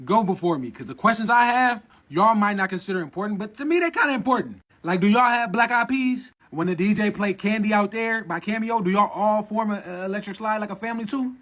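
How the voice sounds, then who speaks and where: Guy with a high voice goofing around, jokey casual talk. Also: lively intonation, fairly quick, hardly any pauses, fairly bright tone. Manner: playful, joking, asks silly questions. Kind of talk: casual comedic monologue.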